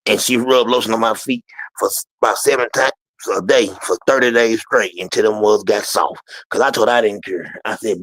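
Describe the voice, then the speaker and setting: A man's voice: on the low side, brisk, a bit bright. A man in casual conversation who talks in an emphatic drawl and repeats his points. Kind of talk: casual chat.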